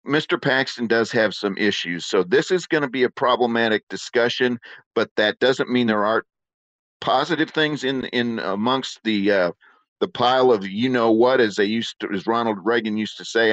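A man's voice: on the low side, fairly bright tone, dry recording. A man co-hosting political talk radio, folksy and opinionated, rambling with fillers. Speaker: radio talk show co-host. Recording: dull lo-fi broadcast sound.

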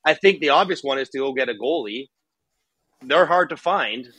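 Bright-voiced former player talking hockey. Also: male voice, mid-range voice, expressive, moderate pace, husky, no room sound. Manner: candid, conversational, thinks aloud with fillers. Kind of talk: casual sports podcast chat.

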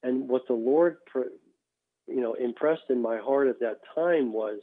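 A man, a former baseball pitcher, telling his faith testimony as a guest, halting and repeating words as he goes. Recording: tinny phone line.

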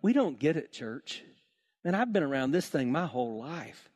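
A man preaching a sermon to his church, telling stories with lively acted-out voices. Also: normal speed. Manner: animated storytelling, acts out voices with big swings in pitch. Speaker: pastor.

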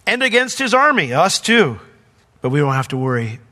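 Pastor guy preaching, bright forceful voice, pretty high, big echoey church hall. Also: very animated, moderate pace. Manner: emphatic, conversational preaching with sudden drops to quiet. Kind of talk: sermon. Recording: long hall reverb.

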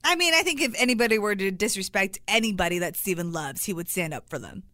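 A woman co-hosting a podcast in casual chat, telling animated stories with lots of agreeing fillers. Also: medium pitch, fast talker, dry recording, studio quality. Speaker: podcast co-host.

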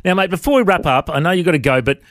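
A man's voice: fairly high pitch, animated, racing, a bit bright, no echo, clean studio sound. A man hosting a faith radio interview, friendly and chatty. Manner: friendly, says mate a lot. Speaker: radio host.

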